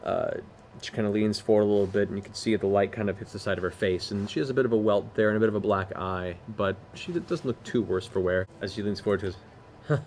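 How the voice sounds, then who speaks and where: A man as game master narrating a tabletop role-playing game, describing scenes in a measured way with hesitant fillers. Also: fairly low pitch, fairly even intonation, a little mellow, a little hiss or hum.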